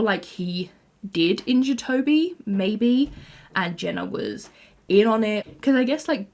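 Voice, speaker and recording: Young woman, casual fan commentary, rambling and chatty, slightly gravelly voice. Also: medium pitch. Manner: rambling, lots of 'like', laughs often. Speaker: YouTuber.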